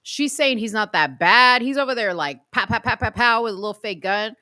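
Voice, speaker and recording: Animated woman co-hosting a reaction chat. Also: fairly high pitch, a little fast, no room sound, clean studio sound. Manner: animated, opinionated, slangy. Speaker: co-host.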